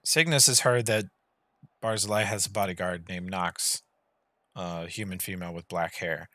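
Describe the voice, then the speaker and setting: A man's voice: sits low, fairly even intonation, normal speed, pushed and bright, no echo, clean studio sound. A man acting as game master, casually narrating scenes and rulings to players in an online tabletop game. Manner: casual, descriptive scene-setting with fillers.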